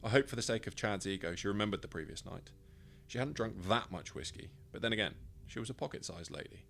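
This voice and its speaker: Male author-narrator, low voice, dry wry first-person storytelling. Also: lively intonation, quick pace, creaky, fairly bright tone, a little hiss or hum. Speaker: author reading his own story.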